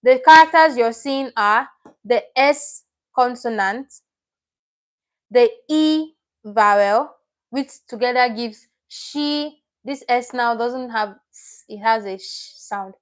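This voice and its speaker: A woman's voice: on the high side, slow pace. A woman teaching a livestream lesson, explaining patiently step by step and repeating each word she teaches. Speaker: Korean language teacher.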